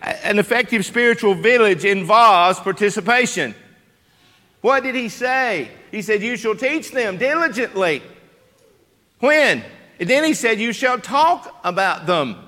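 High-voiced preacher in a reverberant church. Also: male voice, animated, measured pace. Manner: emphatic, rhetorical questions to the congregation, swings from loud to hushed. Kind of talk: sermon. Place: church sanctuary.

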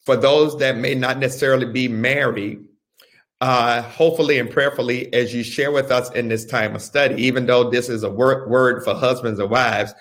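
A pastor teaching a Bible study, who speaks deliberately and repeats phrases for emphasis. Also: male voice, mid-range voice, a bit bright.

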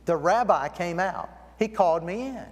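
A man preaching a sermon as a guest, telling a story and slowing down to stress key words. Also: sits high, animated. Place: church sanctuary. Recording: long church hall reverb.

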